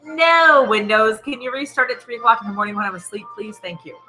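A woman's voice: on the high side, lively intonation, fairly quick, bright, forceful tone, faint music behind, poor audio. A woman co-hosting a casual drinking show, chatty and laughing, teaching words in a teacherly way. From Ireland. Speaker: co-host.

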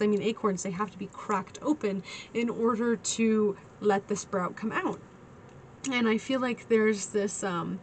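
A woman's voice: medium pitch, a little hiss or hum. A woman giving a casual tarot reading, chatty and giggly, calling her listeners honey. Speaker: tarot reader.

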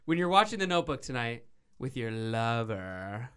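A man hosts a casual talk show, and his delivery is excitable and playful. His pitch swings widely from low to high as he jokes and argues his point, sitting at an ordinary middle height for a man. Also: moderate pace, smooth. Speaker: show host. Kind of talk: casual studio chat.

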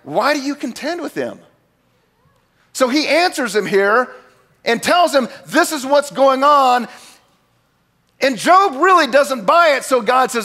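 Pastor guy preaching, really high voice, chatty asides to the church, gets loud when he acts out the quotes. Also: measured pace, pauses often. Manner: animated, acts out God's lines with big swings in pitch and volume; conversational asides to the congregation. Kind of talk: sermon.

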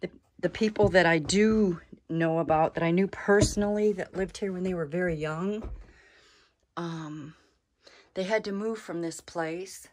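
A woman's voice: fairly low pitch, unhurried. A woman vlogging as she explores an abandoned cabin attic, nervous and exclaiming, talking to her viewers and to the animals she finds. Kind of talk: hushed exploring vlog.

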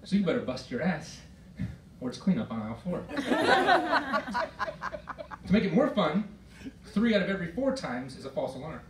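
A middle-aged man performing stand-up comedy, telling stories in an exasperated way with shouted outbursts. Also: fairly high pitch, big pitch swings, moderate pace, long pauses. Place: performance hall with a live audience. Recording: roomy hall recording from far off, loud noise.

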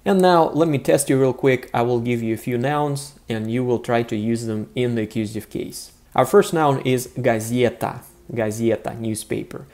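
A man's voice: mid-range voice, normal speed, hardly any pauses, darkish tone. A man teaching a grammar lesson to viewers, chatty and full of "right?" and "uh" fillers. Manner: friendly, frequent "right?" and "uh" fillers. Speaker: Russian language teacher.

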